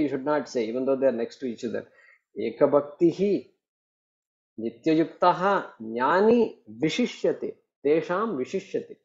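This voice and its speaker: A man teaching a class on scripture, talking in an animated way with many repetitions and acted-out quoted voices. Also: medium pitch, dull audio.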